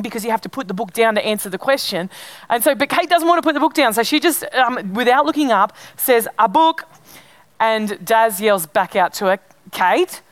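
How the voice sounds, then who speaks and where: A woman's voice: medium pitch, dry recording. A middle-aged woman pastor, telling a family story in a sermon in a chatty way, with fillers and restarts.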